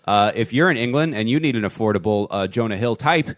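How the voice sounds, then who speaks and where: A man's voice: lowish voice, expressive, fast talker, dry recording. Joking male podcast host, dry close sound. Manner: joking, crude, reads quiz options with mock gravity. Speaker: podcast host reading a listener quiz game. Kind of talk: casual comedic podcast banter.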